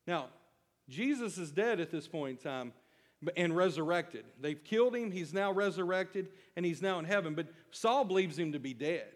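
A man preaching in a church, his voice sitting a touch high for a man and ringing out through a reverberant hall. He slows down hard on key phrases and builds emphasis as he reads scripture and explains it. His delivery moves between casual asides and big dramatic lines. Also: animated. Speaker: pastor. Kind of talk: sermon.

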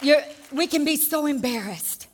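Older woman, preacher, high voice, animated sermon with shouted peaks, long hall reverb. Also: normal speed, slight background noise. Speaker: pastor.

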